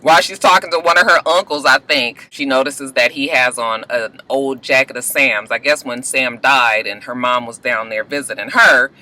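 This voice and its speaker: A man casually recapping TV episodes in a slangy, animated vlog, acting out the characters' lines as he goes. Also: mid-range voice, moderate pace, few pauses, poor audio. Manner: animated, slangy storytelling with acted quotes. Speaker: video blogger reviewing TV episodes.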